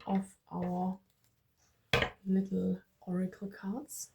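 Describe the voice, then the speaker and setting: Slow, gravelly German-accented woman. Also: medium pitch, lo-fi sound, very noisy. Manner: gushing, affectionate, repeats herself excitedly; laughs often while talking. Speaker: tarot and oracle card reader. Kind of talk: card-reading vlog addressed to viewers.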